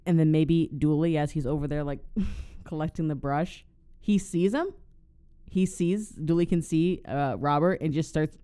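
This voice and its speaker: Guy cohosting a podcast, laughs constantly, swears, gets really animated. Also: on the high side, moderate pace, clean tone. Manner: animated, laughs often, acts out characters' lines. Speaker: podcast co-host. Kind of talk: casual profane chat.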